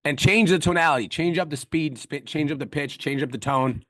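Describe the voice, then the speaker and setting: A man coaching on a call, blunt and profane, talking fast and pressing hard. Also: medium pitch, a bit bright, dry recording, studio quality. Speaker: business coach.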